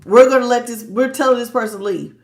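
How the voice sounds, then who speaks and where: A woman's voice: a little high, fairly even intonation, quick pace. A stuffed-up woman giving a blunt, preachy live tarot reading, talking in slang and greeting her chat viewers. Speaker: tarot reader.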